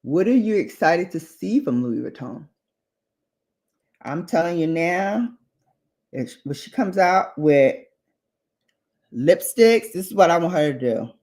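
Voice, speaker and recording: A woman beauty vlogger does her makeup on a livestream, chatting casually, reading viewer comments and drifting into tangents. Her lowish, slightly mellow voice is expressive, and she takes it slowly with frequent pauses.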